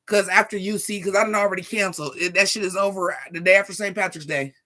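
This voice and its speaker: 40-something vlogger going off, bright sharp voice, sassy and cussing nonstop. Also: mid-range voice, fast. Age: 40s. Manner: profane, sassy, animated, talks straight to viewers. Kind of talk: casual rant to camera.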